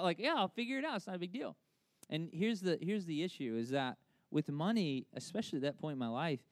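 A middle-aged male pastor delivers a sermon in a loose, chatty style, full of fillers and sudden bursts of energy. His voice sits a little high for a man. The sound is close and dry, with no room around it. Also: dry recording. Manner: conversational, animated preaching with frequent fillers.

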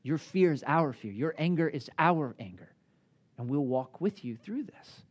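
Male pastor in his thirties, casual sermon delivery, lively pitch swings, slightly high voice. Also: moderate pace. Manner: conversational, animated with acted asides.

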